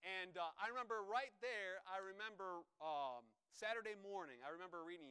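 A man from New York preaching a sermon, animated, acting out quotes with a raised voice. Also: brisk, hardly any pauses, clean tone, poor audio. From New York, USA. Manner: animated, acts out quotes with rising pitch and volume. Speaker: visiting preacher.

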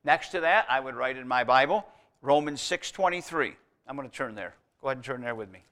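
A man preaching a teaching sermon, talking through Bible verses in a conversational way and stressing key words as his loudness rises and falls. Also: mid-range voice, animated, fairly quick. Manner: conversational, emphatic on key words, swings between loud and quiet.

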